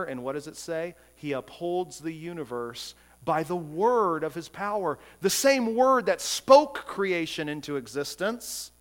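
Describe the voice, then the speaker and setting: A man preaching a sermon as pastor, emphatic and full of rhetorical questions, often repeating words as he goes. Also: fairly high pitch.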